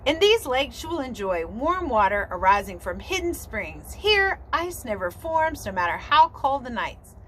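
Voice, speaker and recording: A woman voicing a grown male father swan who lectures his children in a solemn, measured way, reading from a storybook. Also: a little high, big pitch swings, fairly bright tone, a little hiss or hum, rough recording.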